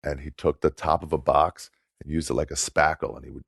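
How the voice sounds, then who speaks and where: Man, very low voice, dry close sound, animated storytelling, frequent laughs. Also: a little fast, gravelly, breathy edge, no echo. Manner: animated anecdote-telling with laughs. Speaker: guest comedian. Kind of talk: casual storytelling.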